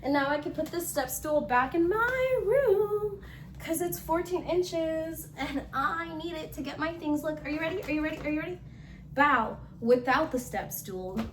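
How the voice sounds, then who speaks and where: A woman's voice: high voice, lively intonation, normal speed, slight background noise. A young woman vlogging casually at home, rambling and giddy, with lots of fillers and squeals while she builds furniture. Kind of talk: casual storytime chat. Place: home room, indoors.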